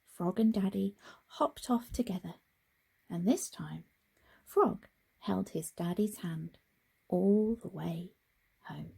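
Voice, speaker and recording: A woman reading a picture book aloud to children in a very expressive way, with gasps and hushed whispers. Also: fairly low pitch, takes it slowly, creaky, long pauses, slightly rough. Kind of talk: children's storybook read-aloud.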